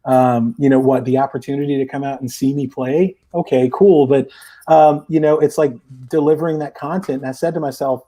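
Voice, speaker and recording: A man guests on a live podcast over a remote call, chatting casually in a loose, rambling way full of restarts. His voice is medium-pitched, warm and fairly quick, with little pitch movement, heard through headphones or a headset.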